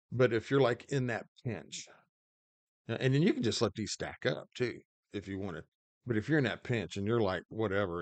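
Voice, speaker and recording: The host of his own gaming channel, a man with a fairly low voice and no echo, rambles through mobile game commentary with lots of fillers and restarts. He has the hiccups throughout.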